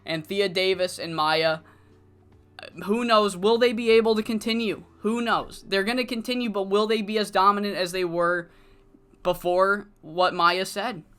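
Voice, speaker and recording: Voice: mid-range voice, fairly even intonation, normal speed, fairly bright tone, smooth. A narrator casually recapping the results of a wrestling management game, with the odd curse word. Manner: casual, recapping, mildly profane. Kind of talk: let's play commentary of a wrestling management sim.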